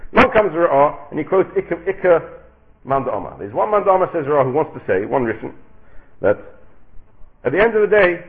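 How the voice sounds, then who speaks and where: Man teaching Talmud, lively rising-falling delivery, brisk, over a tinny line. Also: fairly high pitch, vocal fry. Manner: sing-song questioning, answers own questions. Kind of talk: animated Talmud lecture. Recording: tinny phone-like recording.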